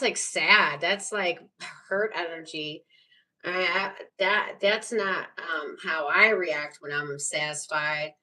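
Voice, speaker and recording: A woman's voice: on the low side, sharp tone, far from the mic, low-quality recording. A woman giving a casual live tarot reading, rambling and chatty with lots of fillers and frequent laughs. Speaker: tarot reader.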